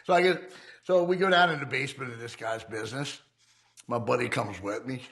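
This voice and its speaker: A man's voice: mid-range voice, brisk, fairly bright tone. A man from the United States, a former outlaw biker, telling his story in a casual, profane, streetwise way and acting out the dialogue.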